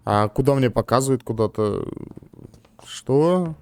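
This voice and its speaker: A man's voice: mid-range voice, expressive, a little slow, faint music behind. A man casually talking to himself while playing a game, muttering and joking about what he sees. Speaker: let's-play gamer. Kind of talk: casual gameplay commentary.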